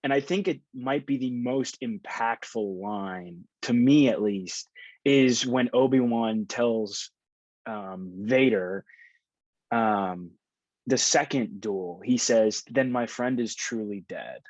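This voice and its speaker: A man's voice: mid-range voice, slow pace, darkish tone, no echo, highs cut off. A man appearing as a podcast guest, talking in a rambling, heartfelt way with many fillers. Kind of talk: casual podcast chat.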